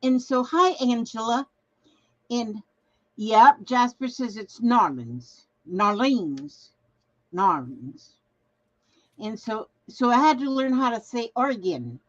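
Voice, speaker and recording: Slow, lively-voiced chatty woman host. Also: on the high side, muffled recording. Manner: rambling, chatty, reads viewer comments aloud. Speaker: craft livestream host. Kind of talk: casual live-stream chat.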